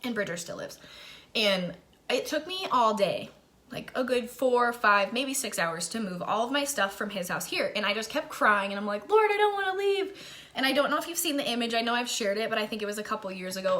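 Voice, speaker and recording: A young woman talks straight to her viewers, sharing a personal faith testimony in a chatty, emotional way. Her voice is bright and clear, and laughter keeps slipping into her story. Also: mid-range voice, a little fast. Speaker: faith vlogger.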